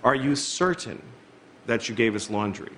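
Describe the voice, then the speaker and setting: A comedian doing a flustered, fawning hotel manager. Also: male voice, mid-range voice, animated, moderate pace, a little hiss or hum, voice pushed down, natural voice. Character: flustered male hotel manager, overly deferential. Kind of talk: stand-up comedy. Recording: live club recording, loud audience.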